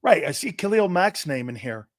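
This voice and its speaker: A man's voice: a little high, big pitch swings, normal speed, no echo, studio quality. A man hosting a sports talk show, giving a brash, profane monologue that acts out overheard conversations.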